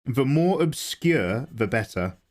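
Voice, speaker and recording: Casting: english male streamer, lively sing-song delivery, chatty and self-mocking. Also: medium pitch, takes it slowly. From England. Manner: chatty, greets viewers, self-deprecating jokes. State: sleepy, low energy. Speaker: livestream host, illustrator. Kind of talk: casual livestream chat.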